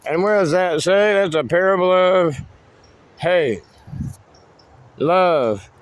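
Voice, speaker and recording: Outdoors in the woods, a man with a high voice speaks slowly, with no room sound, as he gives a rambling, cryptic walking tour of his wooded land. He swears freely along the way.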